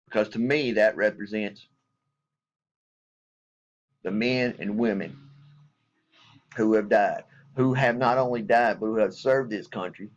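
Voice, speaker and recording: In this vlog, a veteran of the military from the Southern United States vents in a fairly low-pitched voice, and the recording has its highs cut off. His delivery is blunt and furious, packed with profanity.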